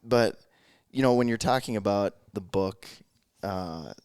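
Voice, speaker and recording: A man's voice: lowish voice, unhurried, darkish tone, clean tone, dry recording, studio quality. A man hosting a podcast in casual chat, thinking aloud and rambling. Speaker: podcast host.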